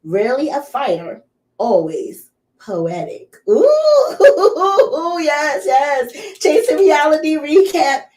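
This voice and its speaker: A woman's voice: high-pitched, expressive, slow pace, a little mellow. A woman with a Philadelphia accent hosting a playful, casual interview, bubbly and teasing. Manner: bubbly and teasing, lots of slang. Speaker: interview host.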